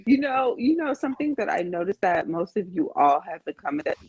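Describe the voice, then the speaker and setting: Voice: medium pitch, very animated, fairly quick, a little mellow, slightly rough, no echo, highs cut off. A podcast host leading a casual group chat, encouraging the guests and putting questions to everyone.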